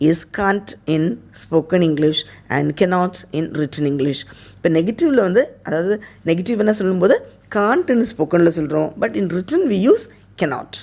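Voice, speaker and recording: A woman's voice: on the low side, a little mellow. A woman with a Tamil accent teaching an English grammar lesson to schoolchildren, reading example sentences and explaining them in Tamil, often checking with "okay?". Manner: switches between English and Tamil, reads example sentences aloud; addresses students as children, checks with "okay?".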